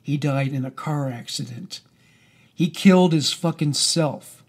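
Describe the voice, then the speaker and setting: A man's voice: fairly high pitch, unhurried, slightly rough. A man voicing a crude, menacing stepfather. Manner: threatening and crude. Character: coarse, menacing male stepfather, middle-aged.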